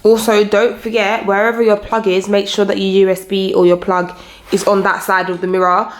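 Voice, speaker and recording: A woman's voice: mid-range voice, level tone, normal speed. A woman chatting and bantering in a casual home DIY vlog. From Saint Lucian and Jamaican family. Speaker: vlogger. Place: home room. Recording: echoey room with faint noise.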